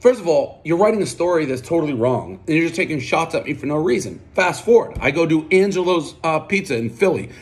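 A man's voice: on the high side, lively intonation, a little fast, hardly any pauses. A man hosting a pizza review outdoors, ranting combatively, swearing constantly and boasting about himself.

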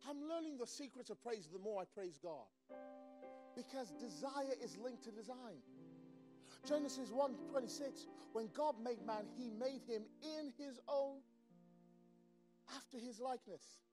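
Male pastor, very high voice, fervent sermon, drops to asides then shouts, faint music behind. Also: expressive, measured pace. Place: church service.

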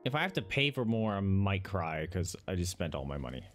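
A man's voice: low-pitched, sing-song, a little fast, music in the background. A young man hosting casual let's-play commentary, goofy and self-deprecating. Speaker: gaming channel host.

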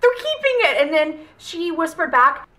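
A woman's voice: sits high, sing-song, normal speed, sharp tone. A woman reviewing a film adaptation in a casual vlog, chatty and rambling with lots of fillers. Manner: gushing, emotional. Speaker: book vlogger.

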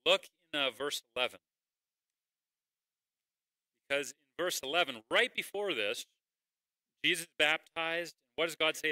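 A man preaches from the front in a loose, conversational way, posing questions to his listeners. His voice is very bright and forward. The recording is dry and close, with little room sound. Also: on the high side, no echo, poor audio. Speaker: pastor. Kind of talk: sermon.

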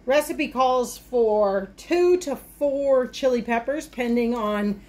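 She takes her time, her fairly high voice carrying a darkish tone. A homesteading vlogger, she chats enthusiastically through a casual vlog, touring her garden outdoors and later working through a recipe in the kitchen.

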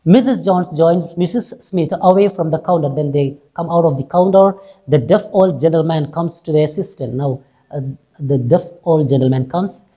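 A woman's voice: sits low, normal speed, mellow. Woman teacher paraphrasing a play, dull lo-fi sound. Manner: explains each line in simple paraphrase; uses many fillers and asks "right?". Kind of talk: reading and explaining a play text. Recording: dull lo-fi recording.

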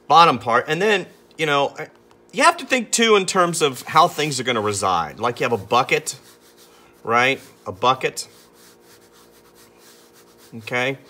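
A man's voice: mid-range voice, bright, forceful tone. A man talking casually through a drawing tutorial as he sketches, chatty and amused at himself. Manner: chatty, self-amused, talks while sketching. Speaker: artist teaching drawing.

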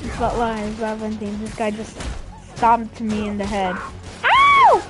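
A woman streaming a video game, giving goofy, excitable commentary full of yells and shrieks, with game music behind. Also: mid-range voice, normal speed. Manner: goofy, loud, shrieks and play-fight yells. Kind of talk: excitable let's-play commentary.

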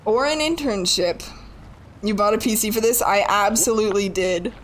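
A woman's voice: mid-range voice, moderate pace, a little hiss or hum. A young woman in her twenties streaming a game live. She pleads, swears and mocks herself as she keeps failing. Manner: frustrated, pleading and swearing under her breath; self-mocking with bursts of laughter. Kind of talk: live gaming commentary.

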